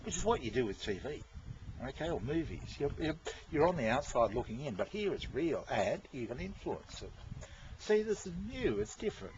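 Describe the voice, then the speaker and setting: A man's voice: fairly high pitch, big pitch swings, normal speed, darkish tone. A man in a casual, rambling monologue to his viewers, who repeats himself and swears. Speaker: vlogger talking to viewers. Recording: dull lo-fi with faint noise.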